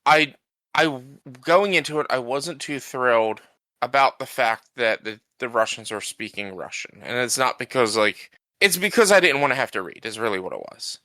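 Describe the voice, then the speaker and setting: A man's voice: mid-range voice, animated, normal speed, sharp tone, no echo. A man co-hosting a podcast, chatting casually about a film, rambling with lots of restarts. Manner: rambling, many restarts and fillers. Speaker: podcast co-host. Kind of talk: casual chat.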